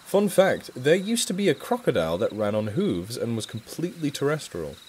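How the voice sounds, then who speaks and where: A man's voice: medium pitch, big pitch swings, fairly quick, a little mellow, a little hiss or hum. A man from England with a mixed northern English accent, hosting a casual charity live stream Q&A, chatting eagerly and swearing casually.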